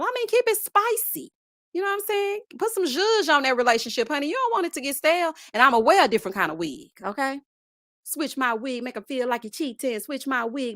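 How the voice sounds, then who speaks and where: Sassy, animated Southern woman streamer. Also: a little high, no room sound, studio quality. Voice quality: lively, sassy, laughs loudly. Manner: animated, talks to viewers with honey and child. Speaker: host. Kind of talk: casual live-stream chat reading comments.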